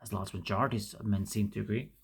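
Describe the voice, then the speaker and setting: A woman reading a classic essay aloud, with an emphatic delivery, often going back to fix misread words, in a gravelly, husky voice. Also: extremely low pitch, fairly even intonation, fast, a little hiss or hum. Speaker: reader.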